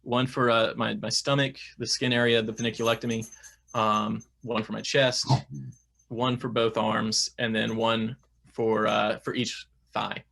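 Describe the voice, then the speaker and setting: A man's voice: on the low side, flat delivery, unhurried, creaky, a bit bright. A young man talking casually as an interview guest, chatty, with many fillers and restarts.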